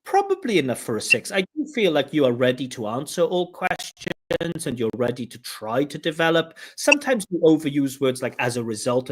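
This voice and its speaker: A man's voice: mid-range voice, a little hiss or hum. A man working as a speaking test examiner, giving a candidate direct, explanatory feedback on his scores. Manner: direct, explanatory, mimics flat intonation with "duh duh". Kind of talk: giving spoken exam feedback.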